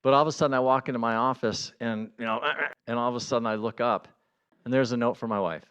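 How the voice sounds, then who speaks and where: Man, pastor, casual earnest sermon, mid-pitched voice, gets excited and emphatic. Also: quick pace, clear, resonant tone.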